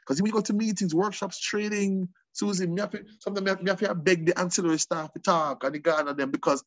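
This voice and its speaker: A man's voice: sits high, steady tone, quick pace, dry recording. A man with a Jamaican accent speaking as an interview guest, switching between patois and English with passionate emphasis.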